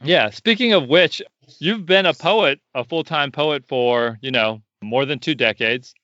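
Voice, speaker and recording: A man's voice: on the high side, unhurried, pushed and bright, no room sound, muffled recording. A man hosting a podcast, introducing and chatting with a guest in a friendly, loose way. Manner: friendly, lots of fillers and restarts. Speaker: podcast host. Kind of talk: casual interview.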